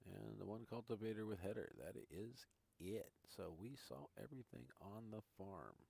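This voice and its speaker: A man's voice: lowish voice, moderate pace, creaky, dark tone, slightly rough. A man chatting casually with viewers while he tours a farming game live, thinking aloud as he goes. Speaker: gaming streamer. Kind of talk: casual live-stream commentary.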